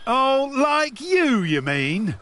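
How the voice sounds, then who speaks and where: A grumpy builder in a medieval game who nags his idle workmate. His voice sits very high and bright, swinging widely in pitch with a slow, drawn-out delivery. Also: very animated, heavily acted. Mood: grumbling. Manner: nagging, bickering, prone to shouting. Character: grumpy hard-working male builder. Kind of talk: game voice acting.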